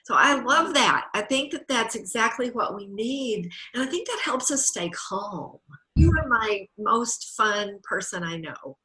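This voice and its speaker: Woman host, bright effusive voice, church devotional chat on a video call, emotional. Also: fairly high pitch, expressive, a little slow, rough recording. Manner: emotional, tearful at times, warm and effusive. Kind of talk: heartfelt video-call conversation.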